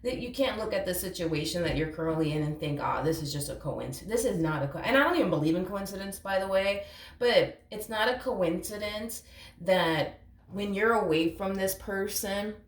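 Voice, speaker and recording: A woman's voice: medium pitch, moderate pace, distant mic. A woman giving a casual tarot reading to camera, blunt and emphatic. She repeats her points and calls the listener honey. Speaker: tarot reader. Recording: roomy echo, away from the mic.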